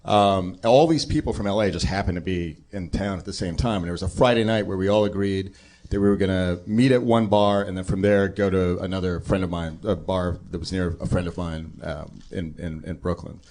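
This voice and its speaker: Low-voiced man telling an anecdote. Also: brisk. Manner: relaxed, conversational anecdote. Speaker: guest storyteller. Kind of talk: live comedy podcast storytelling.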